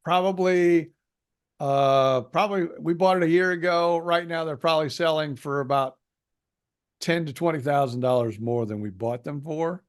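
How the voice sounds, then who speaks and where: An older man co-hosting a podcast in casual chat, rambling and pausing to search for words. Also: on the high side, clean tone. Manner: rambling, hesitant, many "uh" pauses. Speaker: podcast co-host.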